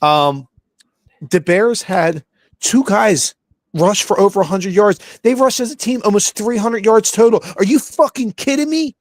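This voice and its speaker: A man's voice: high voice, measured pace, no echo, studio quality. A man, co-hosting a podcast and ranting about a game in a profane, heated way, repeating himself. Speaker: podcast co-host. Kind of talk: casual sports rant.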